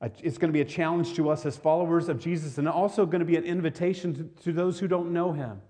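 A man's voice: on the high side, steady tone, quick pace, warm tone. A male pastor preaching a sermon to his congregation in a conversational way, often repeating words and asking the listeners questions.

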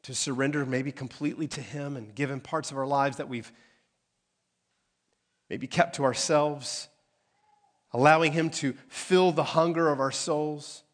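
A man preaching a sermon as pastor, conversational and direct with his congregation, swinging from emphatic peaks to quiet asides. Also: fairly high pitch, fairly even intonation, unhurried, pauses often.

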